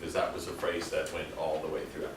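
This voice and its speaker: A man from El Paso, Texas, with an extremely low, monotone voice, lectures briskly in a casual, joking way, throwing questions to students. The echoey classroom was taped from far off, leaving a little hiss or hum.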